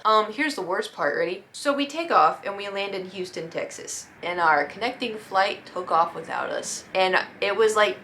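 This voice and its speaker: A young woman vlogger telling a travel mishap story in a casual, animated way, acting out what people said. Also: mid-range voice. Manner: animated, acts out quoted voices.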